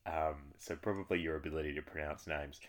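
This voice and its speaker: Deep-voiced Australian man quizzing his co-host. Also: steady tone, a little fast. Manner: dry teasing, chuckles often. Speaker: podcast co-host. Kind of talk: casual chat, running a quiz.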